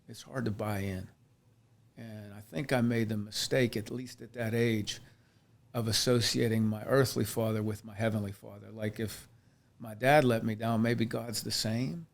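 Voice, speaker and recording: A man from Pennsylvania, a chiropractor and podcast guest, telling his life story in an earnest, reflective way with frequent restarts. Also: medium pitch. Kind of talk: candid personal storytelling in a podcast interview.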